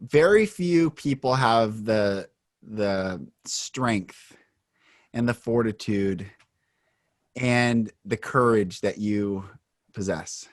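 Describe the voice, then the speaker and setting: A man's voice: fairly low pitch, very slow, no echo, studio quality. A man from Washington State hosting a podcast, upbeat in casual conversation, laughing often and acting out quotes. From Washington State, USA. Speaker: podcast host.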